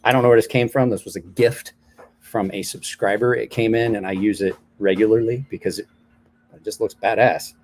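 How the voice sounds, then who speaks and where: A man's voice: on the low side, steady tone, brisk. A man in his forties chatting casually on a late-night live stream, telling rambling stories with a self-deprecating streak.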